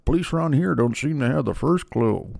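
A man doing an impression of a creepy, soft-spoken male film killer, quiet and offhand. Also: medium pitch, lively intonation, brisk, vocal fry, no echo, studio quality.

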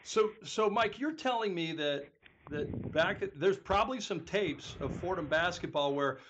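A man's voice: high voice, animated, a little slow, muffled recording, background noise. A man hosting an interview, eager and heartfelt as he asks about stories. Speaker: host. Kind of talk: casual interview.

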